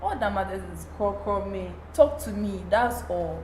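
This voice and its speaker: A woman's voice: medium pitch, animated, normal speed, a little mellow, a little hiss or hum. Candid woman, roomy sound. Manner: candid, storytelling from experience. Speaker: panelist. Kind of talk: talk show discussion.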